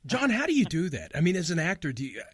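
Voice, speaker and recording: Male radio co-host. Bright, animated, enthusiastic, dry close sound. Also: a little high, quick pace, husky, no room sound. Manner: enthusiastic, laughing often. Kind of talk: casual radio chat.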